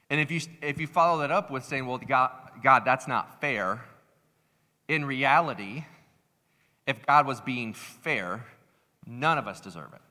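A man preaching a sermon as pastor, lively and conversational, acting out the people in his stories. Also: mid-range voice, long reverb tail. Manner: animated, acts out voices in stories. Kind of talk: sermon with a told story.

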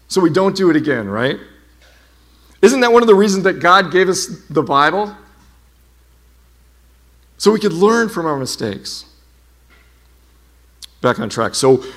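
Animated man preaching a sermon. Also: on the high side. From United States. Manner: animated storytelling with humor. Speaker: pastor.

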